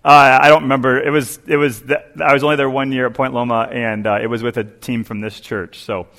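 A man delivering a sermon as a guest preacher, telling an animated story and acting out its voices. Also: mid-range voice, brisk. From Southern California. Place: church sanctuary. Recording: long church hall reverb.

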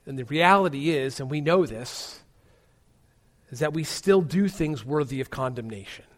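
High-voiced man preaching with emphasis. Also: expressive, normal speed. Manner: emphatic, swinging between loud stresses and hushed low words. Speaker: pastor. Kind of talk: sermon.

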